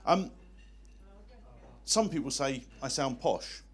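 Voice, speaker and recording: Male amateur stand-up, mid-pitched and lively, self-deprecating gags to a live room. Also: slow. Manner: self-deprecating one-liners. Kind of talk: live stand-up comedy set. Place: hotel function room with a live audience.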